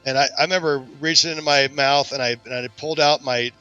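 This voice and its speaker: Bright-voiced man telling a story. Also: medium pitch, quick pace, clear, resonant tone, muffled recording, faint music behind. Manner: lively anecdotal storyteller, self-deprecating. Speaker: podcast host. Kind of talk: casual storytelling chat.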